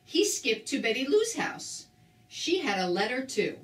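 An older woman reading a children's book aloud with slow, expressive storytelling. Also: high voice. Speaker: storybook reader. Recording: roomy, distant mic.

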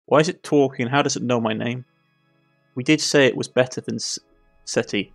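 Gravelly Cornish man reading a game. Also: medium pitch, normal speed, soft background music. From Cornwall. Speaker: gaming YouTuber. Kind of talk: let's play, reading game text aloud.

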